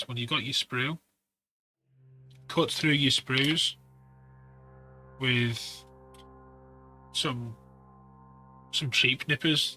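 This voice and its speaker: Bright-voiced man giving hobby tips. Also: mid-range voice. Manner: rambling, practical, self-correcting asides. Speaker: miniature painting hobbyist. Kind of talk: casual hobby tutorial talk.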